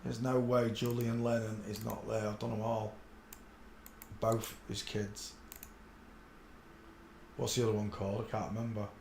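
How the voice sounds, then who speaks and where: A man hosting a solo livestream, talking to himself in a blunt, crude way and swinging from low muttering to loud excited outbursts. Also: measured pace, gravelly, long pauses, echoey room, slight background noise. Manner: mutters under his breath, then bursts out loud and excited; blunt and crude, talks to himself while searching images. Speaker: livestream host. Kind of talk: rambling solo livestream commentary.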